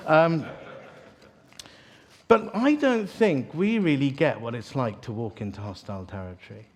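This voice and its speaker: Guy preaching, lively storyteller, cracks jokes, asides to the crowd, mid pitch. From East London. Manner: animated, joking storyteller with asides to the audience. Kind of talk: sermon.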